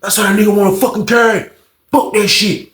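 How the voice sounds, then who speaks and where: A man voicing a stubborn, defiant older male inmate with a gruff, muttering delivery. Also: sits high, little pitch movement, brisk, a bit bright, echoey room, voice pushed up.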